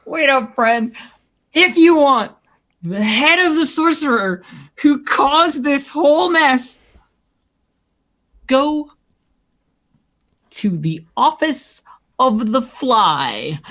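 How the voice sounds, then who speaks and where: A woman's voice: high-pitched, a bit bright, exaggerated voice. A woman voicing a sly gray-skinned sorcerer who posed as a jester, brash and mocking. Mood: wheedling.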